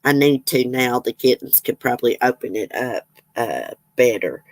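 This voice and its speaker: A woman's voice: extremely low pitch, lively intonation, normal speed, no echo. A woman, chatting casually as a livestream host, reading viewer comments and rambling with frequent laughs.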